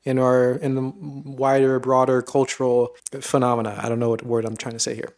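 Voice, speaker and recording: A man with a mid-pitched voice, talking casually as a live streamer over a clip. He jokes about what he hears, sounding mock-exasperated. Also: monotone, fairly quick, darkish tone.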